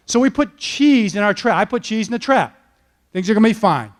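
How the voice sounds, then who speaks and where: High-voiced man telling a lively coaching story. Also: quick pace. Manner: animated, punctuates points with "okay?" and "all right?". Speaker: football coach giving a keynote talk. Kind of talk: motivational storytelling talk. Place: event stage before an audience.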